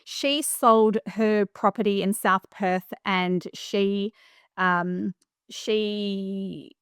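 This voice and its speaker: A middle-aged woman from Western Australia with an Australian accent, a property manager chatting as a podcast guest, animated and full of fillers and restarts. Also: medium pitch, very slow, clear, resonant tone, no room sound, studio quality. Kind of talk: casual interview storytelling.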